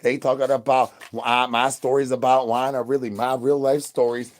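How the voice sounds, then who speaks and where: A man hosting a phone livestream in a crude, slang-heavy ramble, repeating rhyming catchphrases and swinging between loud bursts and low mutters. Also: flat delivery, moderate pace, few pauses. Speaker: livestream host. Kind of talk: rambling live stream chat.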